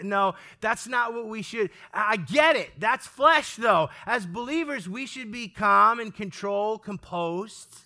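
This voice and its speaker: Animated preacher, high bright man's voice. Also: unhurried, hardly any pauses. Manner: animated, calls for amens, acts out quoted lines. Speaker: pastor. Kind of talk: sermon. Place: church sanctuary with congregation.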